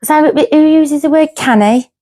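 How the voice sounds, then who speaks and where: A woman's voice: high-pitched, normal speed. A woman with a Birmingham accent, co-hosting a podcast in rambling casual chat. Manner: chatty, rambling, lively storyteller. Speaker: podcast co-host.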